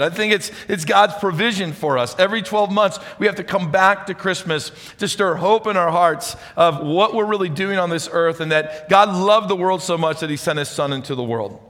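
A man preaching a sermon as pastor, chatty and energetic, speaking to a congregation. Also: sits high. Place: church hall with audience. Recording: reverberant church hall.

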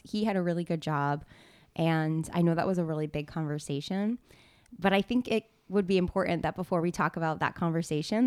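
A woman hosts a relaxed chat in a smooth, clear voice pitched a little low. She talks loosely, full of "like" and "you know," and the sound is dry and close. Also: no room sound. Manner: casual, filler-heavy, lots of "like". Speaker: podcast host. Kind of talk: casual conversation.

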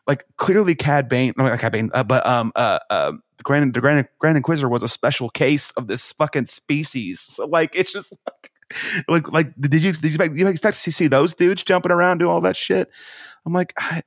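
Excitable man, dry close sound. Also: fairly high pitch, normal speed, no room sound. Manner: excitable, profane, stumbling restarts. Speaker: podcast co-host. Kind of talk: casual chat.

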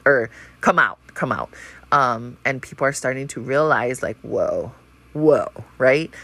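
A woman's voice: rumbling low, fairly bright tone. A woman in her thirties talking in a blunt, profane and rambling way, full of fillers, in a casual monologue. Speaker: vlogger.

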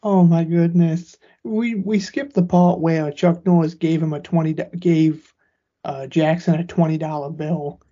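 A woman's voice: low-pitched, steady tone, a little slow, mellow. A woman co-hosting a podcast, chatting casually about a movie with dry, short reactions. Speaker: podcast co-host. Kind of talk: casual movie recap chat. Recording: muffled lo-fi audio.

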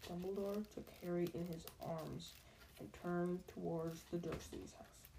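Woman reading a storybook aloud, mellow. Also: on the low side, slight background noise, rough recording. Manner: steady, unhurried, rereads slips. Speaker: reader.

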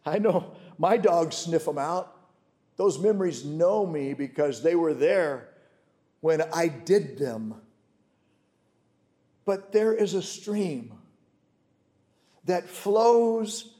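High-voiced emphatic male preacher. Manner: emphatic preaching, swinging from loud declarations to hushed, intimate storytelling. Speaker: pastor. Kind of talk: sermon.

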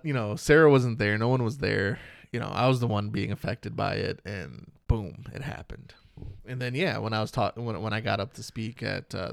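A man's voice: mid-range voice, vocal fry, no room sound, clean studio sound. A man in his thirties from Michigan, co-hosting a casual podcast chat, telling stories in a cynical, swearing way. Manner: cynical, swears a lot, storytelling. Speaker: podcast co-host.

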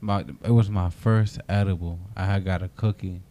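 Slangy low-voiced young man. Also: normal speed. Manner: slangy, animated storytelling. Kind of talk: casual chat.

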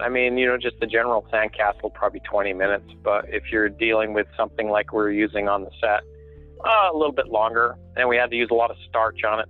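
A man being interviewed about his sand sculpting and carving. He tells rambling, jokey stories and laughs often. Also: fairly low pitch. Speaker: guest sand sculptor and carver. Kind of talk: casual storytelling interview. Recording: tinny phone line.

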